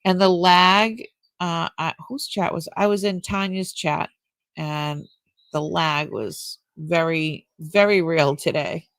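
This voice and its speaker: An older woman hosting a live jewelry sale stream, chatting casually and warmly with her viewers. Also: fairly low pitch, steady tone, slow pace, dry recording. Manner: chatty and warm-hearted, easily moved.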